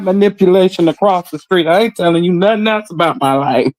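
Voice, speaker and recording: A man's voice: high voice, brisk, hardly any pauses, a little mellow, no echo. A man co-hosting a casual gossip stream, blunt and joking, reading viewer comments and talking in street slang. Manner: reads viewer comments aloud. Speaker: podcast co-host.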